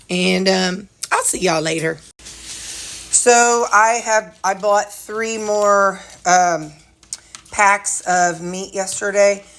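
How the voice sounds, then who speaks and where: A woman talks casually at home for her vlog. She rambles from one thought to the next and trails off with ums. Her voice sits at an ordinary middle pitch. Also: slow, a bit bright. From Missouri, US. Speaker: weight-loss vlogger.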